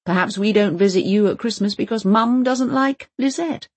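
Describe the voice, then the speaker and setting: A mild-mannered, anxious father, as a narrator reads him, hedging each phrase with careful hesitation. The tone is slightly husky and close, with a dry, dead sound. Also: mid-range voice, normal speed, darkish tone, no echo, pitched above the performer's own voice, natural voice. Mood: hesitant. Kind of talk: audiobook character voice.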